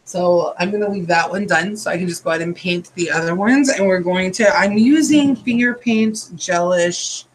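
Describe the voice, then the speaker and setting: A man's voice: high-pitched, moderate pace, few pauses, rough recording. A tired man hosting a nail art tutorial, chatting casually and drifting into rambling asides while he works.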